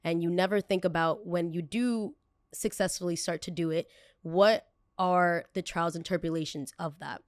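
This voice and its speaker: Young woman podcaster rambling thru a story, super animated, dry close sound. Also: lowish voice, moderate pace, no room sound. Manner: chatty, animated, jumps into quoted voices. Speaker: podcast host. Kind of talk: casual storytelling monologue.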